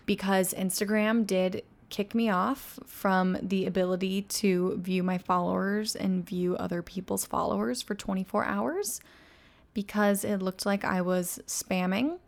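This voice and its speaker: A woman in her twenties talks alone at home as a podcast host. Her voice sits in a middle pitch range. She sounds candid and self-mocking and swears often. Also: gravelly. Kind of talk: casual confessional monologue.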